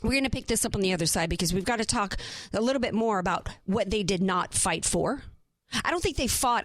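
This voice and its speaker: A woman's voice: medium pitch, expressive, fairly quick, fairly bright tone, dry recording, faint music behind. A woman hosting a talk radio show, delivering an impassioned, emphatic monologue full of rhetorical questions from a studio.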